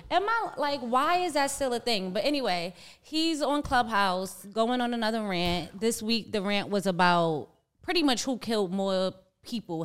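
A woman's voice: medium pitch, clear, resonant tone. A woman hosting a casual podcast interview, laid-back and laughing easily as she puts questions to her guest. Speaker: podcast host.

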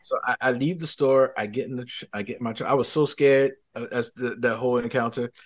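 A man recounts his faith testimony in a mid-range voice. His telling is lively and often stumbles into restarts. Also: medium pitch, a little fast. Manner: animated storyteller with frequent restarts. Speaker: podcast guest.

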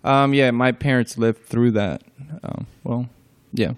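A young man answering interview questions hesitantly, with many pauses and fillers and short replies. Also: medium pitch, fairly even intonation. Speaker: interview guest.

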